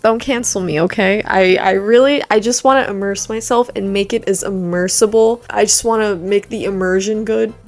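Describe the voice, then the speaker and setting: A woman's voice: mid-range voice, steady tone, normal speed, few pauses. A young woman vlogging casually, reading a book aloud on camera with slangy, swearing asides and laughs. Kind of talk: casual vlog chat and dramatic reading.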